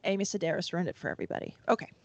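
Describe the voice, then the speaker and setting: A man voicing a gruff, rambling older father who speaks bluntly and chuckles between lines. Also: sits high, very fast, slight background noise. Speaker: panelist.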